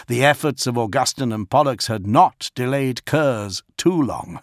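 A man reads an audiobook slowly and deliberately, with a gravelly, fry-edged voice. The sound is dry and close, with no room around it. His delivery is measured and dramatic. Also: mid-range voice, dry recording. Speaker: audiobook narrator. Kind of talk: scripted audiobook narration.

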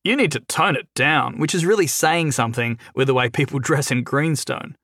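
A wisecracking young captive, played by a male narrator, quick, sarcastic and lively. The voice sits at a middle pitch and sounds dry and close. It is a storybook reading. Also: no room sound. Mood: wry. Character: chained young man, wisecracking and nervously flippant.

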